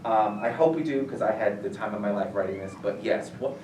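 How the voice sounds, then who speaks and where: A man visiting a school as an author, answering questions in a rambling, animated way full of fillers. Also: fairly low pitch, a little fast, noisy background. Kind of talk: casual Q&A talk. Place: school room, audience present. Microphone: distant from the recorder. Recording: echoey room, voice heard from far off.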